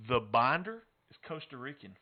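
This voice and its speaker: A man's voice: medium pitch, big pitch swings, moderate pace. A man co-hosting a casual chat show, playfully reviewing a cigar and a whisky and tossing in joking Spanish phrases. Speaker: podcast co-host. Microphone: headphones and studio mic. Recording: slightly dull lo-fi audio.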